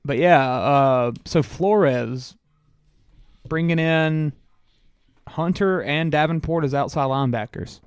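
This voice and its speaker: Smooth-voiced man musing through a roster. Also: a little high, takes it slowly, dry recording, clean studio sound. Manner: reads through a team roster, musing aloud with many "uh"s. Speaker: podcast co-host. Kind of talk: casual sports chat.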